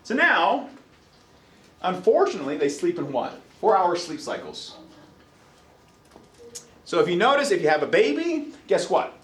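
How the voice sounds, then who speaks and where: A male college lecturer with a fairly high voice, telling anecdotes and quizzing students in a swooping, highly expressive delivery. He acts out his own reactions as he goes. The classroom gives his voice a roomy echo. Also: a little slow, pauses often, recorded from a distance. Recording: echoey classroom.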